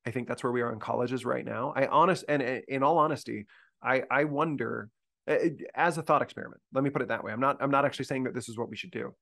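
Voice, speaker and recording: A man's voice: mid-range voice, fast talker, vocal fry, a bit bright. A man briefing university faculty in a conversational discussion, earnest and thinking aloud with frequent restarts.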